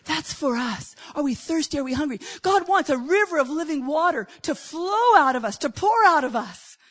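A middle-aged woman preaching a sermon, telling lively stories, acting out conversations and rising to shouts at times. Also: high voice, normal speed. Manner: animated storytelling, acts out dialogue, rising to shouts. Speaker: guest speaker, preacher.

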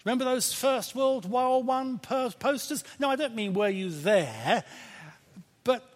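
A man preaching a sermon in a church, lively and playful, with emphatic points and questions to the congregation. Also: extremely high pitch, unhurried. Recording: reverberant church hall.

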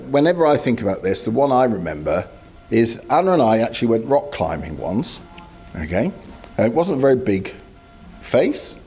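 A man's voice: medium pitch, a little mellow. A man preaching a sermon in a conversational, storytelling way with asides to the congregation.

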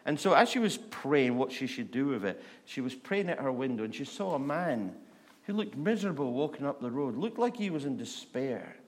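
A man preaching a sermon, repeating rhetorical questions and slowing down to stress words. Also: mid-range voice, sing-song.

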